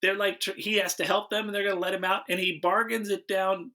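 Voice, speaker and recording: A man hosting a podcast, recapping a movie in a relaxed, wry way, often restarting his sentences. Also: high voice, fast talker. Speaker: podcast host. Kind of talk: casual comedic movie recap.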